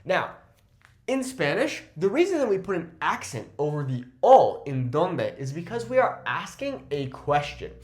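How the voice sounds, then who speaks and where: A man teaching a language lesson, slowly repeating phrases and often checking in with "okay?". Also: a little high, very animated, darkish tone. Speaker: Spanish teacher. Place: Mexico.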